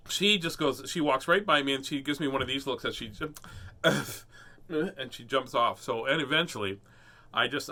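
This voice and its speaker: A middle-aged man with a bright, forceful voice tells a rambling personal story in an animated, casual way, chuckling as he goes. He then reads a children's picture book aloud for his listeners. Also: mid-range voice. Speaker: host reading children's books.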